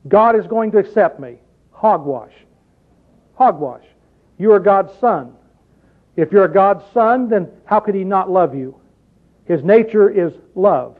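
A man preaching a sermon, reading scripture aloud and asking his listeners pointed rhetorical questions in an emphatic way. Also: sits high. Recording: tinny phone-like recording.

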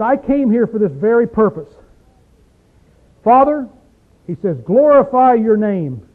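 A man preaching a sermon in a small room in an emphatic, folksy way, recorded on tape. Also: high-pitched. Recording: tinny phone-like tape recording.

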